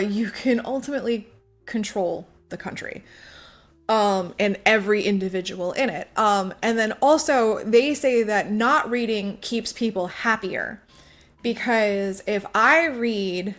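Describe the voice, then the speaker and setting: A woman co-hosting a podcast, retelling a book's plot in casual chat, swearing freely and acting out the characters' lines. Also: a bit bright. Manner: chatty, swearing, acts out characters' lines with big jumps in pitch. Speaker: podcast co-host.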